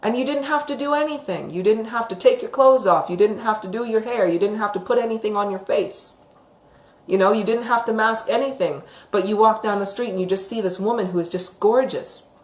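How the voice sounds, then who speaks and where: A woman with a slightly high voice talks briskly while teaching about psychic topics on a live stream. Chatty and expressive, she reads viewer comments aloud and keeps asking "right?", and the recording has a roomy echo.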